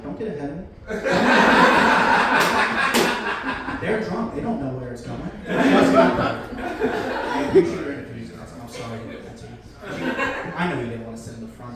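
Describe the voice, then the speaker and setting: A man's voice: fairly high pitch, far from the mic, heavy background noise. A man performing a stand-up comedy set, telling a story with acted-out quotes. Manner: animated storytelling, acting out quotes. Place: beer garden stage before a live crowd. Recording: echoey venue, mic heard from afar, crowd laughter.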